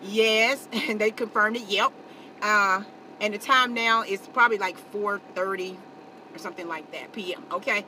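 Bright-voiced chatty woman vlogging in a car. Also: medium pitch, moderate pace, slight background noise. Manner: chatty, tags lines with "okay" and "y'all". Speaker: family channel host. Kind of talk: casual vlog to camera. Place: inside a car.

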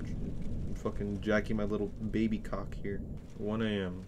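A man's voice: on the low side, flat delivery, unhurried, background noise. Crude, joking young man playing a horror game. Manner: crude, joking, swings between yelling and muttering. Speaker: gaming youtuber. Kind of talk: let's play commentary.

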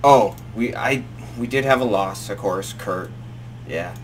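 Host at the controls, relaxed low-ish man, rambles through his campaign, faint hum behind. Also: measured pace. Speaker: host playing the game. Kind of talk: gameplay commentary.

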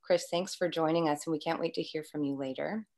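A woman's voice: low voice, steady tone, a little fast, darkish tone. A woman moderating a live Q&A panel over a video call, upbeat and effusive, laughing easily as she introduces guests.

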